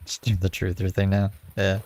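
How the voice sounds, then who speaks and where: A man's voice: sits low, completely flat delivery, normal speed, a little mellow. A man hosting a reaction stream, making laid-back, offhand remarks about what he is watching. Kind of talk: casual reaction commentary.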